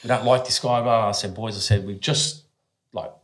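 A man's voice: lowish voice, fairly even intonation, moderate pace, a bit bright. A man in his forties with an Australian accent, a former athlete telling stories as a podcast guest in a blunt, casual way, swearing freely and often restarting his sentences.

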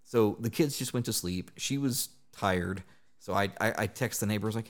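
A man, co-hosting a casual hobby podcast and telling stories with lively acted-out quotes. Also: fairly low pitch, moderate pace. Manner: animated storyteller, acts out quotes loudly. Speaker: podcast co-host. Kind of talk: casual chat.

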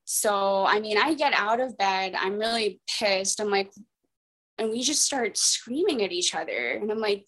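A woman's voice: medium pitch, expressive, a little slow, fairly bright tone, poor audio. A woman candidly telling a personal story as a guest, rambling, with many fillers and restarts.

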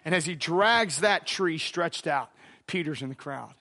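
A man's voice: a little high, animated, unhurried, sharp tone. A man preaching a sermon, dramatic and casual, acting out the voices in a Bible story. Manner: casual slangy phrasing.

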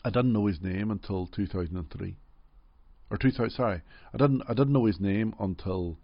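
A middle-aged man from Northern Ireland with a Derry accent, telling his life story gently and reflectively in an interview, often saying "you know". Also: on the low side, moderate pace, vocal fry, no room sound, highs cut off. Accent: Derry, Northern Irish. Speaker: interview guest.

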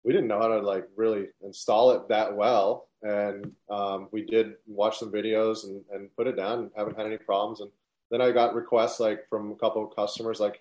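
Low flat-voiced male guest. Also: moderate pace, dull audio. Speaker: business owner guest. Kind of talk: casual interview answers.

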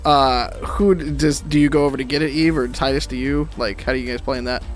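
A man's voice: medium pitch, fast talker, faint music behind. Laid-back man running a tabletop game. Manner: relaxed, rambling, laughs often. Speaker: game master.

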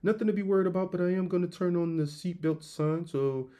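A man voicing a calm, reassuring airline pilot making a soothing, unhurried intercom announcement. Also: high voice, close to an everyday voice.

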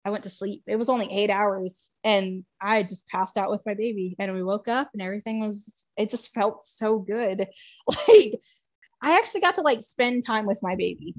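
A woman guest telling a personal story in a casual, chatty way, filled with "like" and frequent laughter, moving between excitement and hushed emotion. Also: mid-range voice, a little fast, few pauses, no room sound. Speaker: podcast guest.

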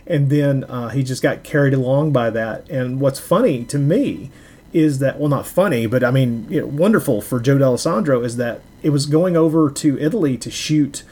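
Husky guy chatting about old movies, lots of uh and um, mid voice. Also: mid-range voice, a little mellow. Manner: halting, many fillers and restarts. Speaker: podcast co-host. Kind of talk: casual film discussion.

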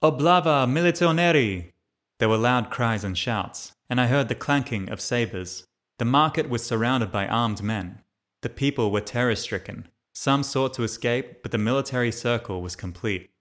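A man's voice: medium pitch, normal speed, fairly bright tone. A man narrating a memoir as an audiobook reader, reading steadily and lifting his voice for the quoted lines.

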